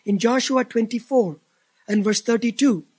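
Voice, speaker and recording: A man preaching a sermon, reading scripture aloud and explaining it with emphatic restarts and a husky voice. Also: very high-pitched, normal speed, a little mellow, rough recording. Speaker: pastor.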